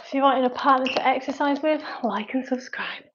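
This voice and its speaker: Out of breath and sighing between sets, a woman with a Mancunian-Lancashire accent talks through a live workout as a personal trainer and online fitness coach. She speaks high-pitched and a little fast. The recording is muffled and very noisy.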